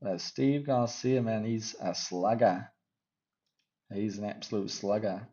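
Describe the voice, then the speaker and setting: Man, fight-picks host, casual, jokey, rambling, low voice, muffled lo-fi sound. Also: a little slow, warm tone. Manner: jokey, rambling, teasing asides. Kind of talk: casual fight-prediction chat.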